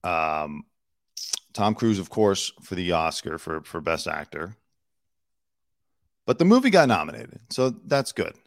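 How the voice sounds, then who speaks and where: A man's voice: deep voice, sing-song, unhurried, gravelly, pauses often, no echo, clean studio sound. A man hosting entertainment news commentary, delivering opinionated, snarky asides in a casual way with fillers and restarts.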